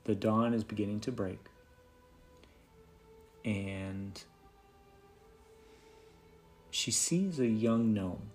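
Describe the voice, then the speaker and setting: A man running a tabletop game as game master, narrating in a relaxed, halting way with many fillers and restarts. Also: lowish voice, soft background music.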